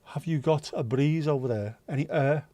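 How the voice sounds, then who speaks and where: The voice belongs to a male livestream host, pitched on the high side with a dark tone and normal speed. He rambles and swears a great deal while chatting casually over viewer comments, heard through a dry, close sound with no echo.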